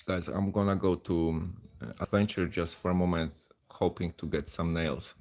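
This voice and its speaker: A deep, gravelly man from Poland gives live gameplay commentary. He rambles in a loose, chatty way and often pokes fun at himself. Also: fairly even intonation, moderate pace. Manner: rambling, chatty, self-deprecating. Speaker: mobile game streamer.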